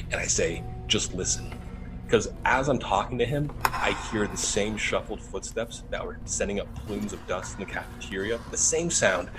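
Against a noisy background, a young paranormal investigator with a lowish voice recounts a ghost story in a relaxed way. He animatedly performs the dialogue and laughs along.

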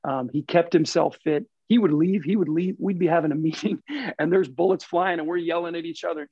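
Here the racing team president sounds a little high and a little fast, with a breathy edge and no echo. As a casual interview guest, he reflects earnestly, repeating himself while he works through his thoughts, on dull lo-fi audio.

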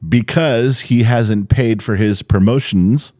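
A man in his forties or fifties co-hosting a podcast, bickering with his wife in an exasperated, animated way and swearing now and then. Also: lowish voice, slow pace, no room sound, clean studio sound. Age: 40s to 50s. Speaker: podcast co-host. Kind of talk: bickering casual chat.

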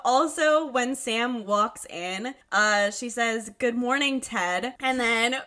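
A woman's voice: fairly high pitch, slow pace. A woman co-hosting a podcast, recapping a sitcom episode in casual, profane, laughing chat. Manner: animated, profane, laughs often. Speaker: podcast co-host.

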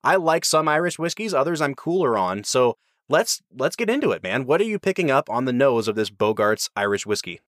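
A man's voice: medium pitch, very animated, a little fast, hardly any pauses, fairly bright tone, no room sound, studio quality. Man hosting a casual whiskey review. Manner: enthusiastic, explanatory, rambling asides.

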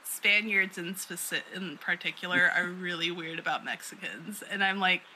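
A woman's voice: lowish voice, moderate pace, bright, forceful tone, slight background noise, poor audio. A woman co-hosting a podcast in casual chat, rambling with many fillers and frequent laughs. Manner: rambling, lots of "like" and "um", laughs often. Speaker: podcast co-host.

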